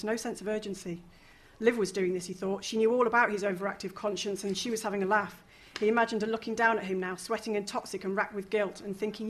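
A woman reading a novel aloud, lively, with casual asides and the odd chuckle. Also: mid-range voice. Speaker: reader.

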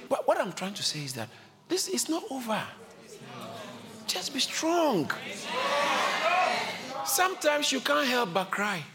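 A man preaching a sermon with passion, repeating his lines and climbing to high shouts, with a congregation answering him. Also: huge pitch swings, brisk, crowd noise. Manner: impassioned, repeats phrases, builds to high shouts. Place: church service. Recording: live congregation audible.

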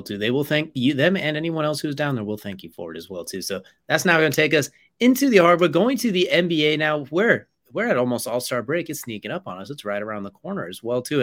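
A man's voice: a little high, a bit bright. A young man co-hosting a sports podcast, rambling through casual chat and ad reads and tacking "as well, too" onto his sentences.

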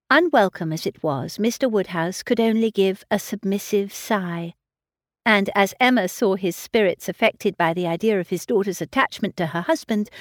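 An audiobook narrator, a woman with a mid-range voice, reads a classic novel in a measured, expressive storytelling style. The recording is studio quality with no room sound.

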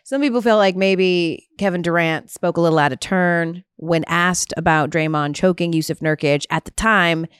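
Woman host, lowish voice, dry close sound, casual sports banter, wry and brisk. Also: clear, resonant tone, no echo. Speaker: podcast host.

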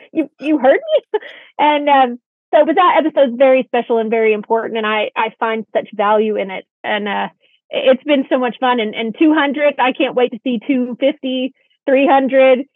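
A woman's voice: on the high side, fairly even intonation, normal speed, dry recording. A woman co-hosting a podcast, speaking in a heartfelt, grateful way and laughing easily in casual chat. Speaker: podcast co-host. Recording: dry tinny phone-like line.

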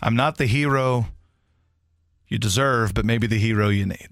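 A man's voice: normal speed, creaky, no room sound, studio quality. A man filling in as a sports radio host, ranting about fans and trading stories with a co-host, and dropping into mocking voices. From grew up in Baton Rouge, Louisiana. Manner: animated, ranting, mocks fans in high squeaky put-on voices. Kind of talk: sports talk radio rant. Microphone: studio microphone.

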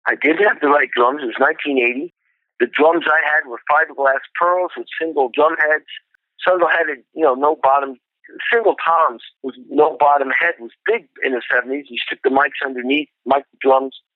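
A middle-aged man, a drummer, telling an animated, profane story about his early career. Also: fairly high pitch, no echo. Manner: animated, profane, acts out quotes. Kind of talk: storytelling interview. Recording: tinny phone-like line.

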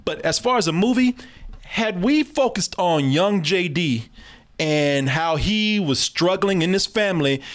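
Male co-host, very high voice, animated and profane movie-review banter. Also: unhurried. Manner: animated, profane, laughs often, addresses listeners as "people". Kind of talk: casual movie review chat.

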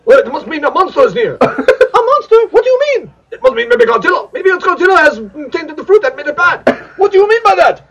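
A man's voice: extremely high pitch, very animated, quick pace, a bit bright, pitched above the performer's own voice, exaggerated voice. A man voicing a melodramatic figure from a badly dubbed monster movie, with a stilted sing-song delivery. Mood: panicky. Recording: lo-fi recording.

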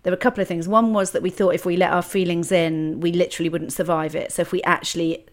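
Candid woman, lowish voice. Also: flat delivery, fast. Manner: candid, reflective, many restarts. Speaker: podcast host. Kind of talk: casual conversation.

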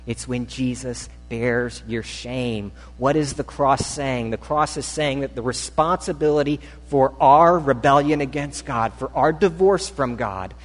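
A man's voice: a little slow, hardly any pauses. Man preaching in a reverberant hall. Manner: swings from loud urgent peaks to quiet low asides. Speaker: pastor. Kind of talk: sermon. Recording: long reverb of a large hall.

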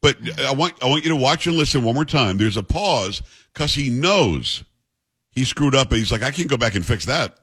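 A man's voice: mid-range voice, expressive, moderate pace, fairly bright tone, slightly rough. A male radio talk show host in casual, wry banter, mocking the clips he plays.

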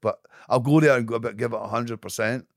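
A man's voice: mid-range voice, brisk, no room sound, clean studio sound. A man being interviewed, talking bluntly and swearing freely, often repeating words as he searches for what to say. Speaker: podcast guest, actor. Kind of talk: casual interview chat.

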